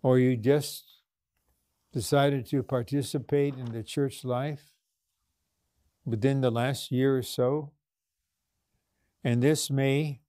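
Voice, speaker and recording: A man's voice: medium pitch, fairly even intonation, slow, pauses often, dark tone, no echo, clean studio sound. A man delivering a sermon to a congregation, speaking earnestly and posing rhetorical questions, with small restarts. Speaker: minister.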